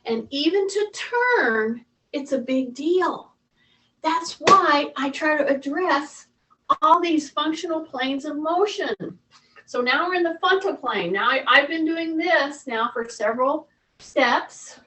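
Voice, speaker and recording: Woman fitness coach, high bright voice, chatty, kinda far from the mic. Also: animated, slow pace. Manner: chatty, coaching, repeats cues. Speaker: fitness instructor. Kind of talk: workout instruction.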